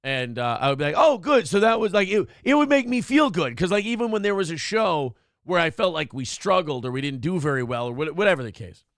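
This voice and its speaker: A man's voice: on the high side, big pitch swings, a little fast, few pauses, no room sound, clean studio sound. A man hosting a morning show, chatting casually in a rambling, self-deprecating way and reading chat comments aloud. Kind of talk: casual live-stream chat.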